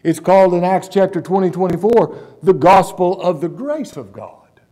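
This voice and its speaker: A male pastor preaching a sermon in a church, stressing key words slowly and putting questions to the congregation. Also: high voice, animated, warm tone.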